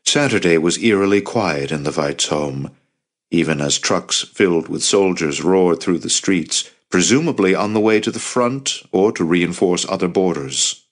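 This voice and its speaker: Deep-voiced man narrating gravely. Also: normal speed. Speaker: audiobook narrator. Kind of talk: scripted narration.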